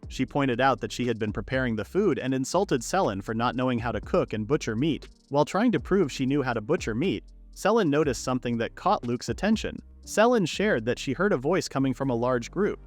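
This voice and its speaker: Man narrating a story with lively pitch. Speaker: recap narrator. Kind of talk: scripted narration. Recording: narration with faint background music.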